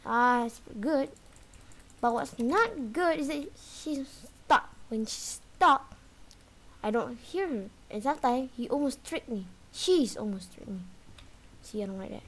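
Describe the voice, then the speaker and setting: A woman giving lively commentary while playing a video game, taunting the chaser and yelping when it gets close. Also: sits high, measured pace. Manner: animated, talks trash to the game's chaser, sudden yelps and shrieks. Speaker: gaming video creator. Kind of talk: live gameplay commentary.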